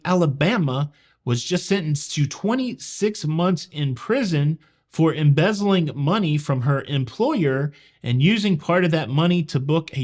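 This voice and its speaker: A man from the American South with a Southern accent, hosting a cruise news show in a joking, wisecracking way and talking straight to viewers. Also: on the high side. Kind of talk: casual news commentary.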